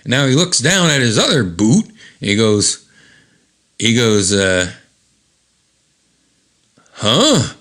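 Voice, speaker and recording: A man hosting a show, reading a comic book aloud with commentary, jumping into high character voices and chuckling at the jokes. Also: sing-song, measured pace, a bit bright. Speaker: host.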